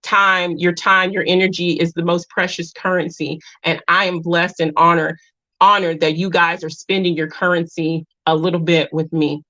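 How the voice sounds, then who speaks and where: A woman's voice: lowish voice, flat delivery, normal speed, bright, forceful tone, muffled recording. A woman hosting a casual live stream, speaking earnestly and repeating her points, close to tears. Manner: earnest, repeats herself, reads viewer comments.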